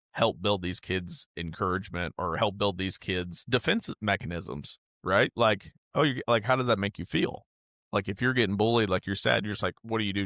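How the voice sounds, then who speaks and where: A man's voice: deep voice, a bit bright, no room sound, clean studio sound. A man in his thirties hosting a podcast, telling a personal story in a candid, rambling, heartfelt way with casual swearing. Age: 30s. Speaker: podcast host.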